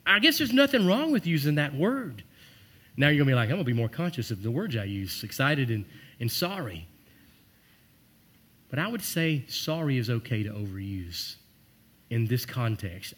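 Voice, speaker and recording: A man preaching a sermon as pastor, earnest and emphatic, dropping soft and low for heartfelt lines. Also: big pitch swings, moderate pace, slightly rough.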